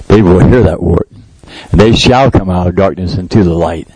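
A man's voice: sits low, normal speed, darkish tone, breathy edge, no room sound, low-quality recording. A middle-aged male pastor preaching a sermon in a conversational way that rises into emphatic prayer. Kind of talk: sermon with live demonstration.

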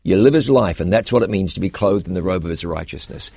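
Low-voiced pastor preaching earnestly. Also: male voice, fast, vocal fry, darkish tone, breathy edge, dry recording, studio quality. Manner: earnest preaching cadence, reads scripture aloud. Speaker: pastor and co-host. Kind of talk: Bible Q&A discussion.

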